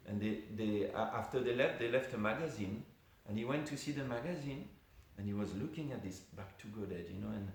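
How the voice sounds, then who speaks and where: Gravelly low-voiced man telling a story in a very echoey hall. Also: expressive, brisk, few pauses. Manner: conversational, retells a story with many asides. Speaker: devotee giving a class. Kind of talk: informal scripture class storytelling. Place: temple hall. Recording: very echoey room with faint hiss.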